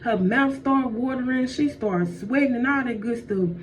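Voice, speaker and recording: Chatty high-voiced woman telling a story. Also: normal speed. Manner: slangy, chatty, addresses listeners as y'all. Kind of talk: casual comedic storytelling. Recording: dull, distant, faint noise.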